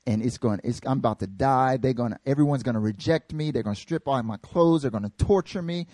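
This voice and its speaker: A man voicing Jesus as a calm, blunt grown man in a sermon retelling, speaking low and hushed. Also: a little fast, dry recording, natural voice. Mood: solemn.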